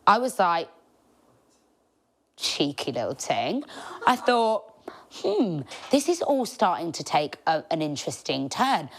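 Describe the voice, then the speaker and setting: A woman's voice: lowish voice, very animated, slow, pauses often, slight background noise. A woman, telling cheeky stories as a podcast host, chatty and laughing often. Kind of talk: casual storytelling monologue.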